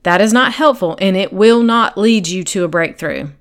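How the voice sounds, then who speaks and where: A woman with a clear, resonant, mid-range voice speaks at a moderate pace. She is a podcast host and sobriety coach on a faith-based coaching show, earnest and encouraging, addressing a single listener directly and sometimes voicing that listener's inner thoughts as quotes.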